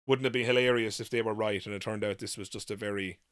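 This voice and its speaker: Irish male streamer, young adult, bright and forceful, dry room, rambling exasperated chat. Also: lowish voice, fairly even intonation, quick pace, no echo. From Ireland. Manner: rambling, exasperated rants with swearing and laughs. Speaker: livestream host. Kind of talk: live Q&A chat with viewers.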